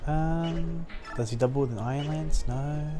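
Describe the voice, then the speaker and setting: A man's voice: a little high, unhurried. A young man with an Australian accent chatting casually and thinking aloud while streaming a game. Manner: chatty, self-deprecating, thinking aloud with fillers. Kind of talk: live-streamed game playthrough.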